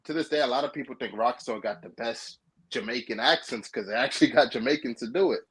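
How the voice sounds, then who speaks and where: A man's voice: medium pitch, fast talker, fairly bright tone, breathy edge. A man, co-hosting a casual gaming podcast chat with blunt, emphatic opinions. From New York. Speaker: podcast co-host.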